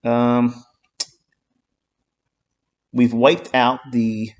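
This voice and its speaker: A man's voice: mid-range voice, level tone, drawn-out words, a little mellow, lo-fi sound. A man giving a live-streamed trading lesson, talking bluntly and emphatically, swearing often and repeating his points. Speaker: trading mentor.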